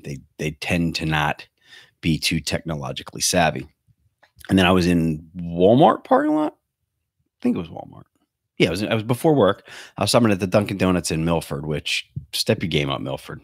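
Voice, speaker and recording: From a bedroom at home, a man in his thirties hosts a comedic podcast rant over a webcam setup, heavy on sarcasm and cursing. He has a deep voice, and the recording is dry with clean studio sound.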